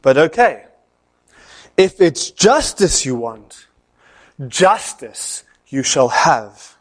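Stern male lecturer, voiced by a preacher, slow, grave, deliberate. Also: a little high, very animated, exaggerated voice.

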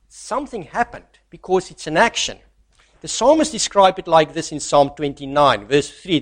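A man preaching a sermon who reads scripture aloud and swings from loud, stressed lines to soft, near-hushed asides. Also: a little high.

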